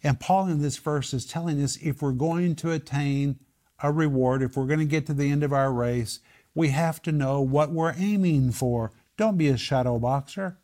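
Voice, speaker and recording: A man's voice: a little high, moderate pace, dark tone. Emphatic man teaching a Bible study. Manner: emphatic, repeats key phrases, asks the group questions.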